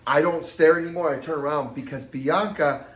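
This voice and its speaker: A man's voice: a little high, moderate pace. A man in a casual chat, telling stories in a sassy, dramatic way. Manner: sassy, dramatic, theatrical storyteller. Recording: echoey room.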